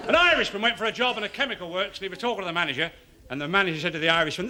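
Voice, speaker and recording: A man's voice: sits high, racing, a crowd in the background. A man telling silly stand-up jokes and laughing at his own punchlines. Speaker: stand-up comedian.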